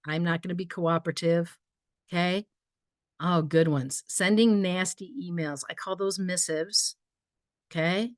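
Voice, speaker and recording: A woman's voice: lowish voice, fairly even intonation, a little slow, dry recording, studio quality. A woman with a Midwestern US accent presenting a virtual workshop over a video call, upbeat and chatty. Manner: upbeat, chatty, reacts to comments with laughs.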